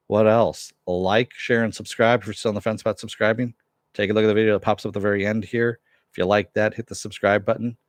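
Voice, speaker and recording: A man with a lowish voice hosts his own review channel and closes the episode in a loose, rambling way. He drifts into asides and offhand remarks as he goes. The recording is close and dry, with no room sound. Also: no echo. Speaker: host. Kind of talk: casual review sign-off.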